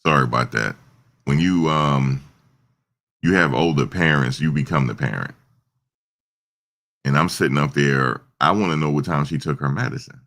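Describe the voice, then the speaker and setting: Very deep gravelly-voiced man, casual talk. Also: normal speed, long pauses, a bit bright. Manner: loose, storytelling, imitates his mother and himself in quotes. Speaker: show host.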